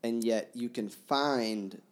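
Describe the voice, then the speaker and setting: A man co-hosting a casual book discussion, earnest and halting, with many restarts as he thinks aloud. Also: medium pitch.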